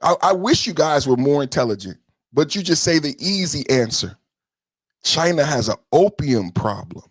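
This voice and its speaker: A man's voice: sing-song, normal speed, slightly rough, dry recording. A man hosting a podcast livestream, ranting about politics in a combative, profane way, scolding his chat and repeating points for emphasis. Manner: emphatic repetition, swings between loud and low. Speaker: podcast host.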